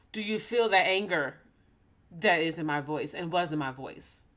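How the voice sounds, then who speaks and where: A woman's voice: on the low side, a bit bright. Tearful woman sharing a personal story. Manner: emotional, tearful, earnest. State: holding back tears. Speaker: ministry host. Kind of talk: personal talk to camera.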